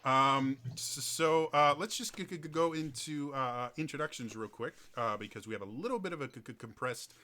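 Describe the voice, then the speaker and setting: A man's voice: medium pitch, moderate pace, few pauses, sharp tone. A man hosting a casual podcast, stuttering often on the first sounds of words. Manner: heavy stutter on word starts. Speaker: podcast host.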